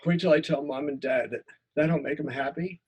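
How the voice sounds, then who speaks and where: A man with a husky, slightly high voice teaches a writing class and reads his own story aloud. He reads with feeling, repeating words as tension rises. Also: normal speed. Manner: expressive reading, repeats words in tense moments. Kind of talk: lecture and reading a memoir story aloud.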